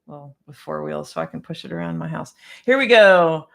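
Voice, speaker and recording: A woman's voice: low voice, normal speed, creaky, fairly bright tone. A woman piano technician answering viewer questions on a casual livestream, chatty and a bit scattered, with frequent restarts and laughter.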